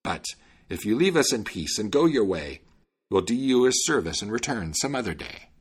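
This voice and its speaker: A man voicing a queen bee who threatens in a measured way to sting. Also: fairly low pitch, very animated, slightly rough. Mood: threatening. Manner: menacing, measured.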